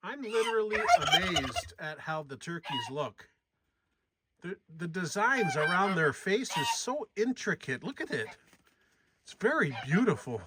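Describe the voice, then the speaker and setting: A man's voice: high voice, very animated, measured pace, heavy background noise. A man vlogging casually while walking around his farm, chatting to the camera and to his animals outdoors. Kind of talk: casual walk-and-talk vlog. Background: turkeys gobbling and poultry sounds.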